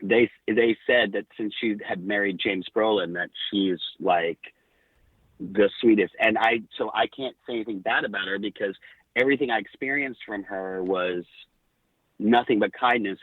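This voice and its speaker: A middle-aged man, a podcast guest, telling lively backstage stories with quoted dialogue. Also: fairly low pitch, normal speed, dry recording. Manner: animated anecdotes with quoted dialogue. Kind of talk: casual storytelling. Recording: tinny phone-like line.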